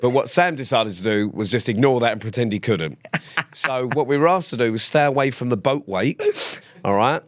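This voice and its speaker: A man's voice: mid-range voice, fairly quick, no room sound. A man co-hosting a podcast, telling stories in a dry, exasperated tone and swearing often. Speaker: podcast co-host. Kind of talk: casual chat.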